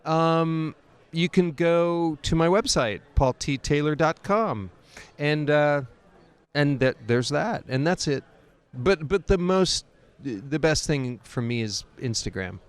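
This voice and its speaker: A man's voice: on the high side, expressive, takes it slowly, smooth. A man being interviewed as an actor, chatting casually and rambling a bit, joking about himself. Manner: rambling, chatty, self-deprecating. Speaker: actor guest. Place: convention.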